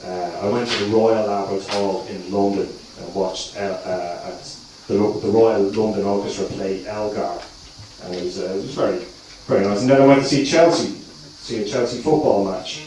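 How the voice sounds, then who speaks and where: A man's voice: lowish voice, normal speed, darkish tone. A man from South Dublin with a Dublin accent doing a stand-up set, talking hesitantly with many ums and uhs. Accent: Dublin Irish. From South Dublin, Ireland. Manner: hesitant, lots of ums and uhs, slips into mock-posh voices. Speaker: stand-up comedian. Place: comedy club stage. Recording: echoey room, mic far, noisy. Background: audience laughter.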